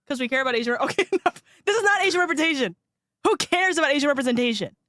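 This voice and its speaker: A woman's voice: high voice, expressive, racing, a bit bright, dry recording. A young woman co-hosting a college radio podcast, casual and playful, often giggling and repeating her co-host's words. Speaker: podcast co-host. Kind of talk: casual chat.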